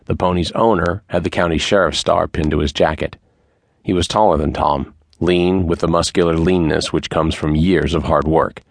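Male audiobook narrator: very low, slow and measured, dry close sound. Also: steady tone, vocal fry, no echo. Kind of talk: scripted narration.

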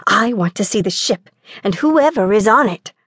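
A woman's voice: mid-range voice, lively intonation, moderate pace, a bit bright, slightly rough, no echo, studio quality. A woman doing a fearless, curious boy. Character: bold curious boy prince, younger brother.

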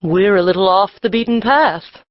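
An actress voicing a mysterious adult shopkeeper in a full-cast audiobook, with a dry, husky voice and a slow, secretive, enticing way of talking. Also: female voice, mid-range voice, no echo, dull audio, natural voice. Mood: welcoming. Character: mysterious adult woman magic shopkeeper, cryptic and intense.

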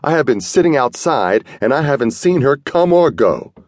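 A male audiobook narrator voicing a frantic, paranoid young woman who yells and accuses. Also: lively intonation, takes it slowly, dry recording, studio quality. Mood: accusing. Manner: loud, accusing, high-strung.

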